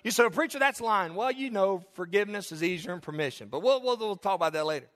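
A man's voice: high-pitched, lively intonation, quick pace, fairly bright tone, big-room sound. A man preaching a sermon as pastor, emphatic with call-and-response and jokes, in a church sanctuary.

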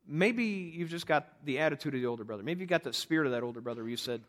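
A man's voice: fairly high pitch, very fast, hardly any pauses, a bit bright. A man preaching a Sunday evening sermon as pastor, pleading with listeners and often repeating words as he stresses a point. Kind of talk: sermon with altar call.

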